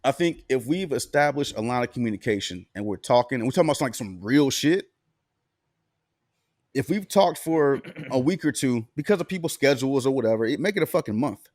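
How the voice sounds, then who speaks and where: Podcast co-host from Alabama, lively pitch, dry close sound, loose profane storytelling. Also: male voice, a little fast, no room sound. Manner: laid-back, profane storytelling with laughs. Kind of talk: casual chat.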